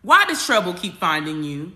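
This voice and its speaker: A woman's voice: on the low side, big pitch swings, normal speed, sharp tone. A woman spiritual coach hosting a casual astrology livestream, talking emphatically and repetitively to her viewers, with casual slang and swearing. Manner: emphatic, repetitive, talks straight at the audience.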